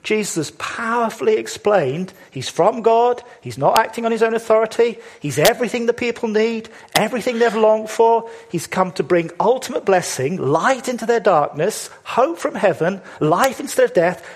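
A man preaching a sermon, emphatic, with many rhetorical questions and words slowed for stress. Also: sits high, slightly rough.

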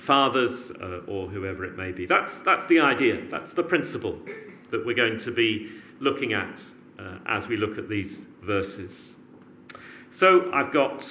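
A man preaches a sermon in a bright, ringing voice. He talks earnestly and repeats words as he builds his points. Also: on the low side, slight background noise.

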